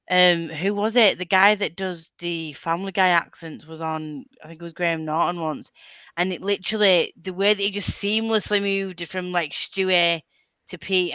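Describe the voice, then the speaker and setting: A woman hosting a reading sprint stream chats casually, laughs often and playfully mimics accents. Her voice is fairly low yet fairly bright, clear and resonant. The audio is lo-fi with no room sound.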